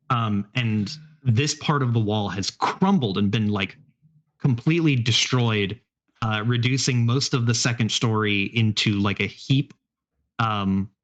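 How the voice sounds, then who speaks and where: A man's voice: on the low side, fairly bright tone. A man running a tabletop horror game as game master, describing scenes in a rambling, filler-heavy way. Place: live stream.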